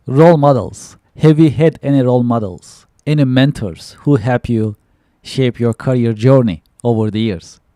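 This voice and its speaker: A man's voice: medium pitch, normal speed, mellow, no echo, clean studio sound. A man hosting a podcast, asking questions and laughing along with his guest. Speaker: podcast host. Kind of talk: interview questions.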